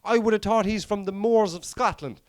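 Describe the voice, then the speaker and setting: A man's voice: high voice, moderate pace, smooth, dry recording, studio quality. A man giving a blunt, rambling football preview as a pundit, firing off rhetorical questions. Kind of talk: casual opinionated football preview.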